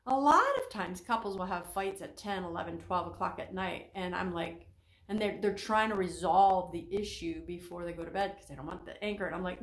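Christian counselor lady teaching, lively, does little voices for quotes, bit of fry, roomy echo. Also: moderate pace. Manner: animated, acts out quoted speakers with pitch jumps. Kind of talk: teaching talk on faith and emotions.

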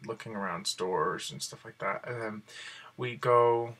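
Excited rambling young man vlogging. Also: on the low side, a little slow. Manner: excited and rambling, many fillers like "like" and "you know". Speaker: video blogger. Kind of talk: casual vlog storytelling.

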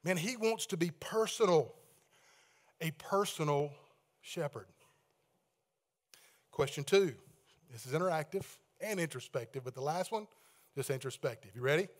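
A man preaching a sermon in a church, reading scripture aloud with the congregation, praying quietly and asking them to raise their hands. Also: on the high side, animated, moderate pace, pauses often. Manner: leads congregation in call-and-response readings and hand-raising; swings between loud proclaiming and hushed prayer. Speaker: pastor. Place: church sanctuary with balcony.

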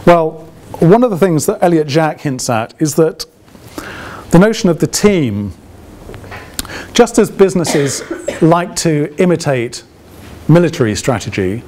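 A guest lecturer with a voice that's a little high and a little mellow gives an open lecture to alumni in a conversational way. He often checks with the audience through rhetorical questions and drops dry, ironic asides.

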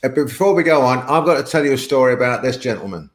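A man's voice: medium pitch, expressive, fast. A man hosting a live webinar, chatting and telling stories with frequent laughs. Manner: chatty, laughs often, rambling storytelling. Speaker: webinar host. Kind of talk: casual live webinar chat.

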